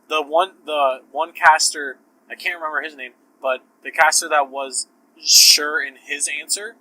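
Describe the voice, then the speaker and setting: A man's voice: on the high side, pushed and bright, dry recording, poor audio. A man hosting a podcast, with a sore throat, talking casually in a rambling, profane, self-interrupting way. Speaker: podcast host. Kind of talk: casual solo podcast talk.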